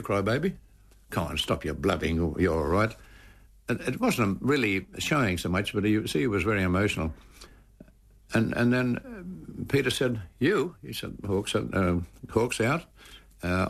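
An older man, a former cricketer recalling stories in an interview, animated and repeating words as he goes. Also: fairly low pitch, normal speed, vocal fry, breathy edge. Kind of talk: anecdotal storytelling in an interview.

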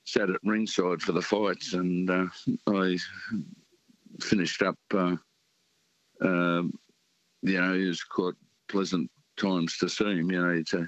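An older Australian man calling in to a radio show, talking in halting phrases with many fillers. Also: deep voice, little pitch movement, fairly bright tone, no echo. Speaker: caller. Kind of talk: casual radio call-in chat. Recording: muffled phone line.

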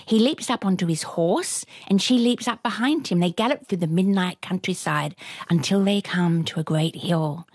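Husky low-voiced woman telling a folktale. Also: moderate pace, no echo. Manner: lively, rhythmic retelling with repetitions. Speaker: storyteller.

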